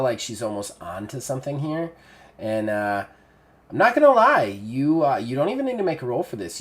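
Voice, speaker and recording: A man running a tabletop game as game master, narrating in an animated way with casual swearing. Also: medium pitch.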